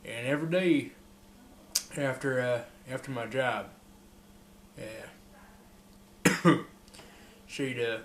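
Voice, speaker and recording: A man's voice: mid-range voice, takes it slowly, long pauses, roomy sound, slight background noise. A man rambling through an improvised comic monologue as a mock interviewee, drawling with fillers and laughs.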